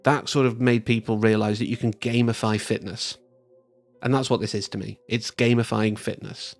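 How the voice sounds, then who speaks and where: A man's voice: fairly low pitch, fairly even intonation, moderate pace, faint music behind. A man giving a chatty, enthusiastic spoken review of a game, rambling and restarting his sentences.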